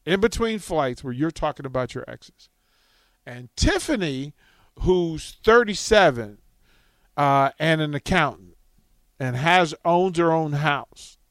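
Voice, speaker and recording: Man, talk radio host, animated storyteller, high voice, dry studio sound. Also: clear, resonant tone, no room sound.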